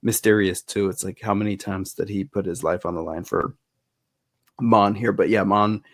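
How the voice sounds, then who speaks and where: Hesitant man recapping scenes, lowish voice. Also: steady tone, moderate pace, fairly bright tone, no echo, clean studio sound. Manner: hesitant, many fillers and restarts while recapping. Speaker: guest. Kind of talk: casual review discussion.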